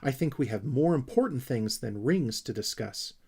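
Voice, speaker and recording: A man's voice: medium pitch, lively intonation, moderate pace, darkish tone, slightly rough. A man voicing a fussy, self-important young male Snork creature who talks in a bossy, pompous way.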